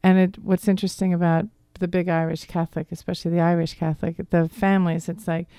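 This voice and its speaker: Middle-aged woman, Philadelphia accent with a hint of Boston, low voice, smooth, dry studio sound. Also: little pitch movement, quick pace, warm tone, no echo. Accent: Philadelphia with some Boston. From Philadelphia area. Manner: rambling, friendly storytelling. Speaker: guest, divorce coach. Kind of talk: radio interview. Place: radio studio.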